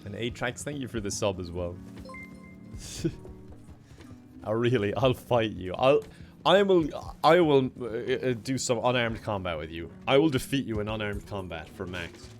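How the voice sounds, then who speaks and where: A man's voice: fairly low pitch, expressive, normal speed, faint music behind. Chatty young Irish man streaming. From Ireland. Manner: chatty, laughs often, thanks viewers. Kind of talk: casual live-stream chat.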